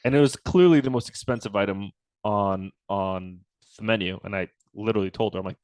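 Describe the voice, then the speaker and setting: A man with a lowish voice recounts a story in a relaxed interview, slipping into the voices of the people in it with sudden jumps in pitch. The sound is close and dry, with no room around it. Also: fairly quick, no echo. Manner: relaxed storyteller, acts out quoted dialogue with lively pitch jumps. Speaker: guest, company founder.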